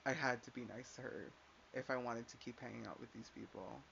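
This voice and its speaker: This young man vlogs at a fairly quick clip, his medium-pitched voice bright and forceful, fairly even in intonation and edged with vocal fry. He tells a story as a casual rant, swearing a lot, stressing his words and scattering "like" everywhere. The recording is lo-fi and slightly dull, with faint hiss.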